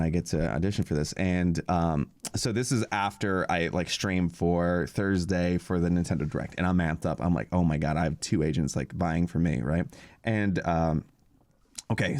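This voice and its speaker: A man's voice: deep voice, no echo. A young man co-hosting a podcast, telling a long story in a casual, rambling way, full of fillers and acted-out quotes. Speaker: podcast co-host.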